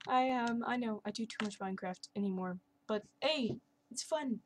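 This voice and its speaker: Young woman rambling thru her minecraft game, kinda high voice, sarcastic little jokes at herself. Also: moderate pace, slight background noise. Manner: chatty, sarcastic, self-mocking asides. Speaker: gaming channel host. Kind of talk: casual Minecraft gameplay commentary. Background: keyboard and mouse clicks.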